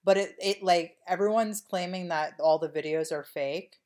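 A woman's voice: lowish voice, moderate pace, darkish tone. A woman co-hosting a podcast in casual chat, rambling and wry with lots of fillers. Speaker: podcast co-host.

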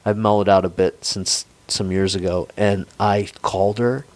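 A man's voice: low-pitched, little pitch movement, moderate pace, a little mellow. A man in his forties telling a long, rambling, profane story in a casual chat, with frequent restarts. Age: 40s.

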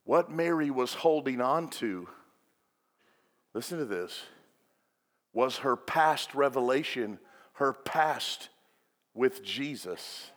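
A man preaching a sermon as pastor, swinging between loud and hushed delivery. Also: mid-range voice, expressive, slow pace, pauses often. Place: church sanctuary. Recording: long reverb of a large hall.

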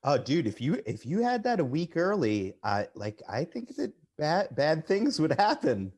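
A man's voice: a little high, huge pitch swings, unhurried, darkish tone. A man co-hosting a podcast, joking and teasing his friends in casual chat. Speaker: podcast co-host.

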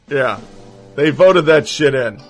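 A man's voice: fairly high pitch, lively intonation, slow pace, soft background music, low-quality recording. Sarcastic, profane male commentator. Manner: sarcastic, heavy swearing.

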